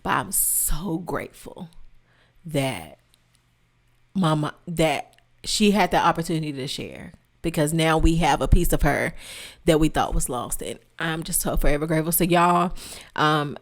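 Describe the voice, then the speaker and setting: A woman's voice: deep voice, moderate pace. A woman hosting a heartfelt tribute podcast, speaking emotionally and straight to her listeners, repeating phrases for emphasis. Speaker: podcast host.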